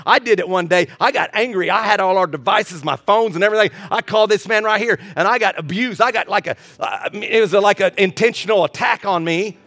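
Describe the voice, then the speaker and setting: A middle-aged man, a pastor, preaching with humor, swinging between loud outbursts and quiet moments. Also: sits high, a little fast, gravelly, hardly any pauses, dry recording. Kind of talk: sermon.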